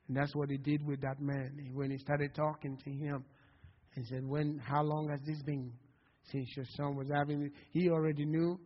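Impassioned pastor preaching in a reverberant church. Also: male voice, fairly high pitch, little pitch movement, moderate pace. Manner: impassioned preaching, calls of "Amen?" to the congregation. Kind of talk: sermon. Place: church sanctuary. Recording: long hall reverb, dull lo-fi sound.

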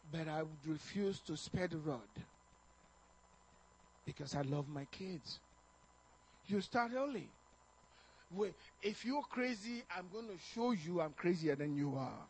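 Man with a very high voice, middle-aged, sermon, animated storytelling, chuckles. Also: rough recording. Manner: animated storytelling, chuckling, acting out quotes with stammers. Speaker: preacher. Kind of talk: sermon on parenting told as a personal story.

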